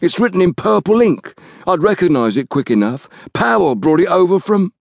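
A man's voice: high-pitched, big pitch swings, normal speed, gravelly, no room sound, lo-fi sound, pitched above the performer's own voice, exaggerated voice. A man voicing a frightened, sullen male thug who whines and breaks into panic. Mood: panicky.

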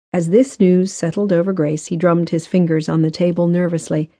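Woman audiobook narrator; measured, mellow tone, dry close mic. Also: fairly low pitch, no room sound. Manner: measured, even storytelling. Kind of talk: scripted narration. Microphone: close studio mic.

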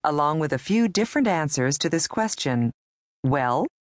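A woman with a low but lively voice leads a language lesson in scripted narration. She speaks clearly and patiently, guiding the learner step by step. The recording is dry and close. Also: moderate pace, no room sound.

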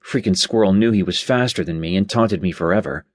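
A man's voice: low-pitched, a little fast, no echo, studio quality. A man narrating an audiobook in first person, in a wry, sardonic manner. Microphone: studio mic.

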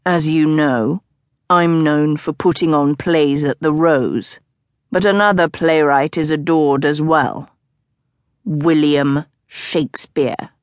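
A woman voicing a smirking, scheming male playwright in an audiobook, lowering her voice for him. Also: fairly even intonation, slow pace, no room sound.

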